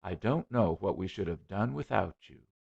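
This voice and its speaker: A man's voice: low-pitched, lively intonation, normal speed, creaky, a little mellow, husky, exaggerated voice. A man voicing a prim, anxious young woman who gushes and frets, on a dull lo-fi recording. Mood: fretful. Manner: fretful, gushing.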